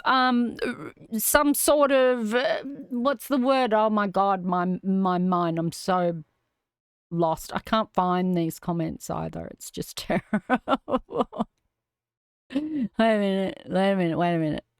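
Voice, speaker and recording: A woman's voice: on the low side, smooth, no room sound, studio quality. A middle-aged Australian woman hosting a livestream, ranting indignantly and swearing as she reads comments aloud. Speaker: livestream host.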